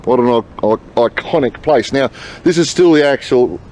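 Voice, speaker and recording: A man's voice: medium pitch, expressive, normal speed, a little mellow, a little hiss or hum. An Australian man touring a racetrack, chatting casually as an enthusiastic race fan. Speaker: travel vlogger host. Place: outdoors at a racetrack.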